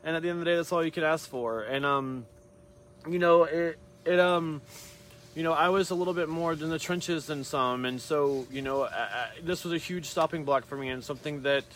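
A man's voice: fairly high pitch, normal speed, a bit bright. A hairstylist man talking casually to his camera, rambling through a long story with many tangents and restarts.

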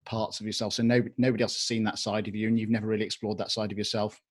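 A man's voice: fairly low pitch, flat delivery, very fast. A man hosting a podcast and explaining an idea step by step. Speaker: podcast host. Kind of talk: podcast conversation.

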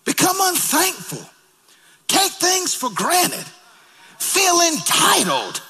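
A man preaching a sermon in a church, calling out to the congregation and rising to shouts. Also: very high voice, huge pitch swings, slow pace, gravelly, in a large hall. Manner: calls out to congregation, rises to shouting. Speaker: pastor. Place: church sanctuary.

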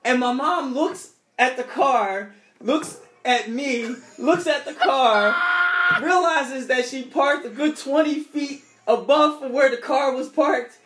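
A man's voice: very high-pitched, slow pace, a bit bright, echoey room. A young man casually telling a story from his childhood, rambling and restarting his sentences often.

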